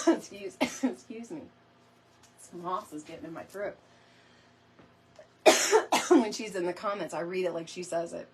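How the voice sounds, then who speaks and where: A woman's voice: on the low side, lively intonation, takes it slowly, long pauses, a little hiss or hum. A middle-aged woman hosting a live crafting stream in a chatty, rambling way, talking to viewers while she works and fighting off a lingering cough. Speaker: DIY crafting host.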